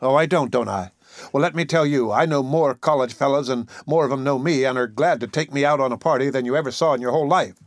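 A man's voice: medium pitch, fast, no echo, natural voice. A man reading the part of a brash, sardonic young working-class woman who talks back defiantly, recorded dry. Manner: defiant, snappish.

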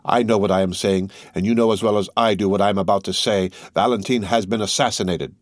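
A man's voice: fairly low pitch, fairly even intonation, fast, no echo, studio quality, natural voice. A man reading as a grief-stricken young lover. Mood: accusing. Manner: impassioned, pleading.

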